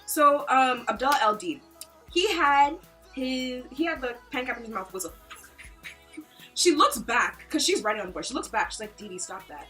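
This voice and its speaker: High, swooping young woman with a bright voice. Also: animated, moderate pace, faint music behind. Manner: dramatic, swoops in pitch, mimics teacher. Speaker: vlogger. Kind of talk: casual storytime chat.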